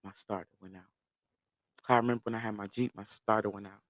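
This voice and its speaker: A man telling a long personal story to his viewers in a loose, animated, profane way, laughing as he goes. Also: fairly low pitch, fast talker, dry recording. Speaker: vlogger. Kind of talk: casual storytelling.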